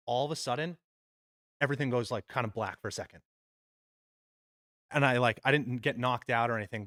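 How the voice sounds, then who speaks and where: A man's voice: mid-range voice, no room sound, studio quality. A young man on a podcast, casually telling a story with lots of swearing, "dude" and "like.". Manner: animated, swearing, frequent "dude" and "like". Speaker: podcast co-host.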